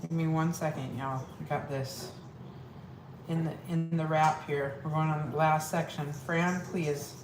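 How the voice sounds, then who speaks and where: A woman's voice: low-pitched, steady tone, a little slow. A woman hosting a casual live cooking demo from her home kitchen, chatty and scattered, talking straight to her viewers. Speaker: weight-loss coach hosting a live cooking stream. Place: home kitchen with pets and family about. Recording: echoey room with clear background noise.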